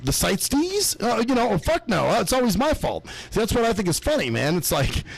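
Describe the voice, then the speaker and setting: Lively high-voiced man arguing casually. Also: a little fast, gravelly, breathy edge, no room sound, low-quality recording. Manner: profane, defensive, trailing off in restarts. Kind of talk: heated casual chat.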